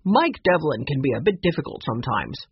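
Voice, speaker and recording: A man's voice: on the high side, sing-song, fairly quick, husky, dry recording, lo-fi sound, full character voice. A man voicing a friendly middle-aged radio station owner who explains things kindly. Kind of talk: audiobook character reading.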